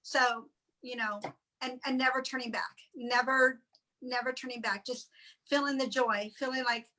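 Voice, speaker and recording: A woman sharing an emotional personal testimonial in halting, tearful speech with many restarts. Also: fairly high pitch, bright, forceful tone, poor audio. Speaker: guest sharing weight-loss story.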